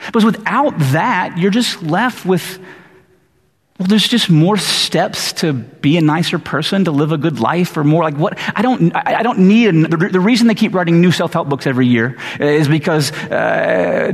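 A man preaching a casual, animated sermon, full of playful asides and stumbling restarts. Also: fairly high pitch, slightly rough, big-room sound. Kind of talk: conversational sermon.

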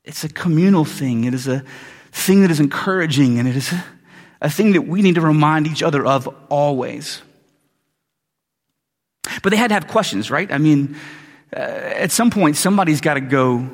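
Husky-voiced pastor preaching in a hall. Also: male voice, fairly high pitch, expressive, moderate pace. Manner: casual storytelling, joking asides. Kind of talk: sermon. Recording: long hall reverb.

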